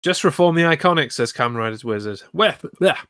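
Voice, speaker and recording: A man's voice: fairly high pitch, lively intonation, quick pace, fairly bright tone, dry recording, studio quality. A man co-hosting a casual wrestling podcast from the UK, recapping matches and joking around. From United Kingdom. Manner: jokey, recaps then riffs. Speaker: podcast co-host.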